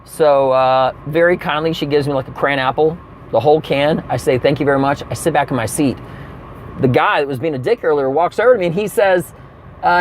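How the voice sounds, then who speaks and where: A man's voice: fairly high pitch, brisk, a little hiss or hum. A man telling a comic rant story, acting out the people he quotes. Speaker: comedian. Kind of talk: comedic rant monologue.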